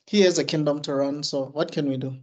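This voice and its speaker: A man's voice: on the high side, steady tone, a little fast, darkish tone. A man from South Africa hosting a podcast, upbeat and chatty with fillers. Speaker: podcast host. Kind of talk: casual podcast chat.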